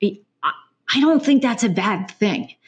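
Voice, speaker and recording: A middle-aged woman hosting a podcast, chatting in a lively, emphatic and conversational way. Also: fairly high pitch, measured pace, highs cut off. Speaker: podcast host. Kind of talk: casual interview chat.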